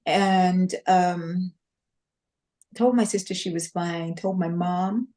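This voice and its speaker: In a lowish voice and at a slow pace, a woman tells her personal testimony in conversation. The telling is animated, full of acted quotes from the people involved and punctuated by laughs.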